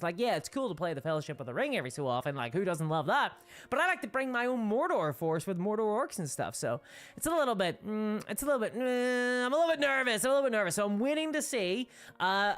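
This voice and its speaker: A woman hosting a casual livestream, rambling and laughing often as she reads viewer comments. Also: fairly low pitch. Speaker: livestream host.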